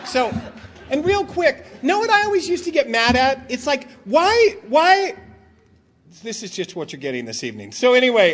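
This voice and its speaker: High, lively joking man. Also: a little hiss or hum. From Southern California. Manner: quick, joking delivery, acts out voices of friends. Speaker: speaker at a recovery convention. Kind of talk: comedic storytelling talk. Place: large hotel meeting hall.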